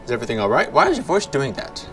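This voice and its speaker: A man's voice: mid-range voice, wildly swooping pitch, rapid-fire, creaky, music in the background, pitched above the performer's own voice. A man voicing a small flying machine companion in a video game, speaking politely and helpfully in a matter-of-fact way.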